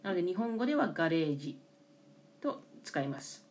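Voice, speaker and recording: A Japanese woman co-hosting a casual language lesson, clearly explaining English words in Japanese. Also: lowish voice, very animated, racing, a little mellow, a little hiss or hum. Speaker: co-host and Japanese interpreter.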